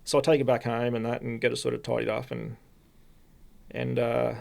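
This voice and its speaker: An Australian man, a podcast guest, telling a personal story in a halting, rambling way with many restarts. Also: medium pitch, little pitch movement, vocal fry. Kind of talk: casual storytelling.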